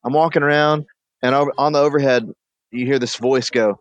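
A man's voice: mid-range voice, level tone, fast talker, dry recording, dull audio. A young man telling loose, rambling stories as a podcast co-host in casual chat. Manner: laid-back, rambling storyteller.

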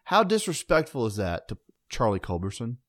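Man, podcast co-host, lively pitch, playful indignation, casual sports talk. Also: a little fast, dry recording, clean studio sound. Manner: playfully indignant, mock-offended banter.

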